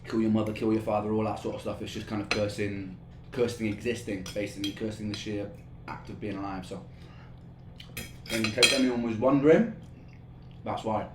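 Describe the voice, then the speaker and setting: A man's voice: lowish voice, fairly even intonation, brisk, long pauses. A man hosting a live stream, chatting casually in a rambling, laughing way with plenty of swearing, and sweating from the heat. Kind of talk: casual chat. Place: indoor room, streaming setup. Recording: echoey room with faint ambient noise.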